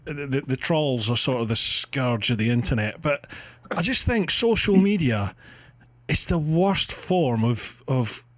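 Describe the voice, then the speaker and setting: A man's voice: mid-range voice, lively intonation, measured pace, no echo. A Scottish man hosting a podcast, chatting casually and swearing cheerfully over a video call, often breaking into laughs. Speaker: podcast host.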